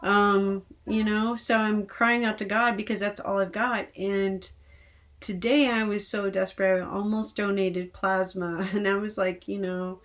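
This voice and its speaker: A woman talks straight to camera in a casual personal vlog, venting her frustration. She rambles and hesitates often, circling back as she speaks, in a voice of ordinary pitch. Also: flat delivery, measured pace, a bit bright. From Texas. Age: adult with decades of work history. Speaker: vlogger.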